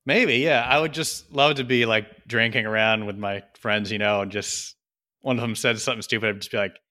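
A man's voice: on the low side, steady tone, brisk, bright, forceful tone. A man in casual chat who gives short reactions, asks curious questions and laughs easily.

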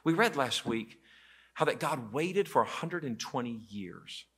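Male pastor preaching a sermon, bright tone, animated storyteller. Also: mid-range voice, a little slow, slightly rough. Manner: animated storytelling with quoted voices. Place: church auditorium.

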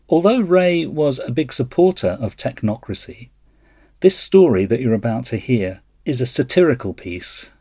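A man's voice: mid-range voice, dark tone, breathy edge, dry recording, studio quality. A man hosting a podcast, explaining thoughtfully and reading a story aloud. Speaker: podcast host.

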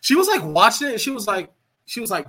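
A man's voice: high-pitched, wildly swooping pitch, fast talker, sharp tone, rough recording. A man co-hosting a podcast, chatting casually and playfully about a film. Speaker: podcast co-host. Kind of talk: casual chat.

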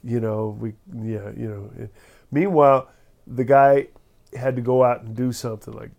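A man with a gravelly, mid-pitched voice tells a joke in a loose, rambling way. He fills the story with casual asides and plays each of its characters in turn. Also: fairly even intonation, moderate pace, darkish tone, lo-fi sound.

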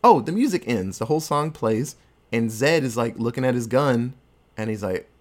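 Man, casual movie recap, lively pitch, crude joking, loose storytelling. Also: moderate pace. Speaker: podcast host.

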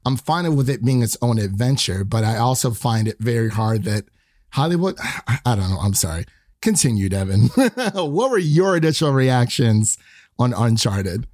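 A man co-hosting a laid-back movie review, halting and often restarting mid-thought. His voice sits at a middling pitch. The sound is dry and close, with no room echo. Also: expressive, a little mellow. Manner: hesitant, restarts often, laughs. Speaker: podcast co-host. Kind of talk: casual movie review chat.

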